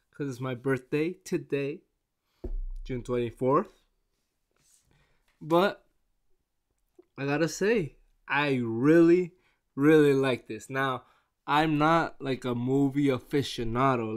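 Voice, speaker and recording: A man chatting casually on camera in a rambling, excitable way, with many restarts. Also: mid-range voice, smooth. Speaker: vlogger reviewing a movie. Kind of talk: casual chat.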